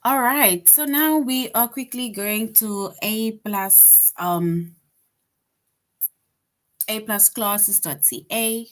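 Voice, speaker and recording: A woman teaches an online lesson to young children at an unhurried, deliberate pace. She is patient and repeats herself, keeps checking in with "right?", and reads her example sentences aloud with lively bursts of expression. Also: a little high. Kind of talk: online grade-school lesson.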